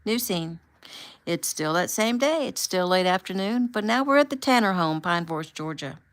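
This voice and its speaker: A woman, the author, narrating her own audiobook in a steady, plain reading voice. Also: on the low side, normal speed.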